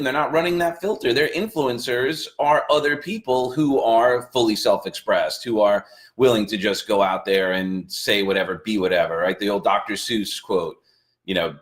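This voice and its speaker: A man co-hosting a casual motivational talk, speaking in a measured, reflective way. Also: on the low side. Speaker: co-host.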